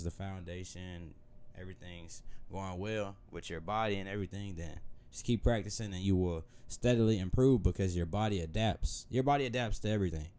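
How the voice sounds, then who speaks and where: A man's voice: sits low, mellow, clean tone. A young man talking casually and at length in a meandering, conversational monologue. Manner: meandering, loose and conversational, with many restarts. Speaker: vlogger.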